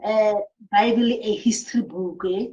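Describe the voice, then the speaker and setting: A woman in a discussion who asks and reflects in a halting, inquisitive way, seeking confirmation. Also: mid-range voice, fairly even intonation, a little mellow, lo-fi sound. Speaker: discussion participant.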